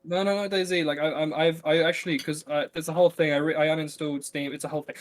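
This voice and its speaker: Young man rambling with a slightly high voice. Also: steady tone, fast, slight background noise. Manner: rambling, self-interrupting, many fillers and restarts. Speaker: podcast co-host. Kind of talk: casual chat.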